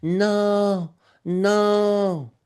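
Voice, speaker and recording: Whiny, panicked student complaining to a mentor, put on by a man, slightly raised and hushed. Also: sits high, steady tone, drawn-out words, clear, resonant tone, pitched above the performer's own voice. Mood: whining. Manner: whiny, pleading, exaggerated.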